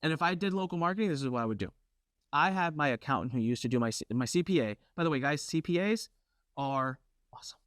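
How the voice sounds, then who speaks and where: A middle-aged man hosting a workshop, telling a brash, competitive story with lively asides. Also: fairly high pitch, quick pace, no echo, studio quality. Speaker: workshop host.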